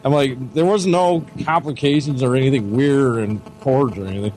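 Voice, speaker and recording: A man's voice: medium pitch, moderate pace, a little mellow, low-quality recording. A man with a Midwestern American accent, co-hosting a casual chat and telling a long story full of swearing. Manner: profane, rambling storyteller. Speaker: podcast co-host. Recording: faint background noise.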